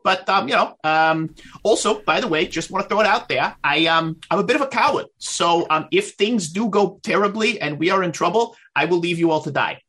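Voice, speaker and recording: A man's voice: high voice, a little fast, sharp tone, slightly rough, voice pushed up, full character voice. A man voicing a cowardly male vault survivor who rambles nervously with lots of ums.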